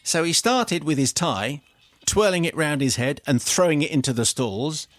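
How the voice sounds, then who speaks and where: A British radio host reads a listener's confession aloud in a studio, telling it with amused theatrical flair. His voice sits a little high. The sound is close and dry. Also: expressive, normal speed, dry recording. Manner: amused, theatrical storytelling with laughs. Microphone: studio microphone.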